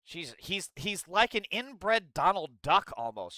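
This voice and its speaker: Male streamer host, angry sarcastic rant, slightly high pitch, dead-dry close sound. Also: big pitch swings, slow pace, bright, forceful tone, no echo. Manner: reads and answers chat. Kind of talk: live political commentary.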